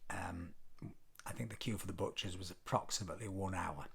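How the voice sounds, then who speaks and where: A man's voice: low-pitched, steady tone, fairly quick, vocal fry, fairly bright tone, slightly rough. A British man vlogging, telling a travel story casually with frequent ums and wry self-deprecating asides. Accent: British English. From Britain.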